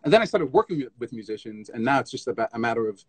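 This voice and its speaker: A man as guest in a casual live interview, an animated storyteller who scats rhythms and restarts often, on a phone stream. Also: mid-range voice, racing, slight background noise. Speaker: guest tap dancer.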